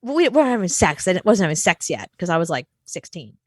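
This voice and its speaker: A woman's voice: fairly low pitch, sing-song, fast talker. A woman co-hosting a casual talk show, telling candid personal stories and laughing often. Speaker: co-host. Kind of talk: casual chat.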